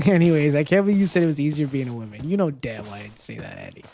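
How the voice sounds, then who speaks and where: A male gaming livestreamer chats casually with viewers while playing, candid and rambling, swearing now and then and ending nearly every sentence with "right?". His fairly high voice is very animated and rapid-fire, gravelly and dark, with a little hiss or hum.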